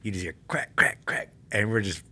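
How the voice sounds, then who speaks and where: A man from California, a retired army infantryman, telling war stories in a casual podcast interview, animated and laughing as he talks. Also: lowish voice, normal speed, breathy edge.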